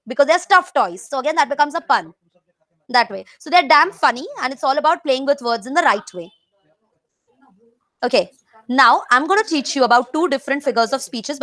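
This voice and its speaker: A woman with an Indian English accent teaching an online English grammar lesson, explaining each term with quick everyday examples and repeating the key words. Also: high voice, fairly bright tone.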